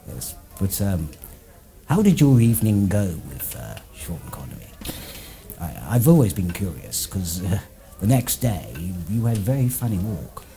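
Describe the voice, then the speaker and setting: English man, deep and mellow, dry straight man in a comedy chat. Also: very animated, moderate pace, creaky, slight background noise. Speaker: co-host playing a gentleman's club character.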